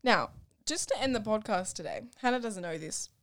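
A woman's voice: mid-range voice, expressive, moderate pace, fairly bright tone, dry recording. A young woman co-hosting a podcast with her twin sister, chatting casually with frequent restarts. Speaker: podcast co-host. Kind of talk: casual chat.

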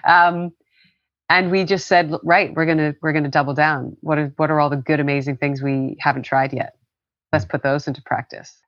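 Woman business founder, low voice, heartfelt interview talk; dry, slightly dull recording. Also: dry recording. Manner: earnest, emotional, repeats words when starting. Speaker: company co-founder. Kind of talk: interview conversation.

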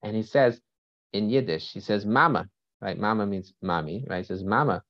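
A man's voice: fairly low pitch, normal speed, dry recording, muffled recording. A man teaching a Torah lesson through a story, often stopping to check in with "right?" and "okay?" and restarting phrases as he thinks aloud.

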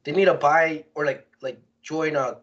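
A man co-hosting a podcast, chatting casually in an animated, slangy way with lots of swearing. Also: on the high side, moderate pace, lo-fi sound. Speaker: podcast co-host. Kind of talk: casual chat.

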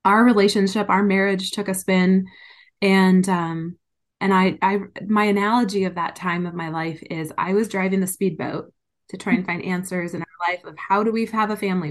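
A woman's voice: mid-range voice, brisk. A woman being interviewed, telling a personal story candidly and with emotion. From United States. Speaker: interview guest.

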